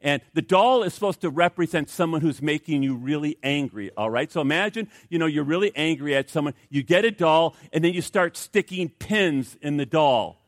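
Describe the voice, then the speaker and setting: A man's voice: fairly high pitch, lively intonation, moderate pace, few pauses, no room sound, clean studio sound. A man preaching a sermon as pastor, chatty and humorous, with many fillers and restarts.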